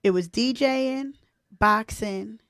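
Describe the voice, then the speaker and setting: A woman's voice: on the high side, slow pace, a bit bright, no echo, clean studio sound. A woman, hosting a casual live-stream chat, chatty and emotional as she talks to her viewers. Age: 40s. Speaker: host.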